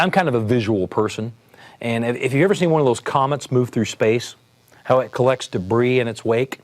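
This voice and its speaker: A man, a police sergeant, telling a story in a relaxed, conversational way with frequent fillers and restarts. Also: on the low side. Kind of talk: storytelling talk.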